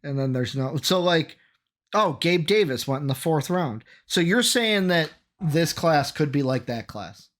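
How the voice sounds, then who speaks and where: A man co-hosting a sports podcast in casual chat, energetic, rattling off names and quizzing his co-host. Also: a little high, measured pace.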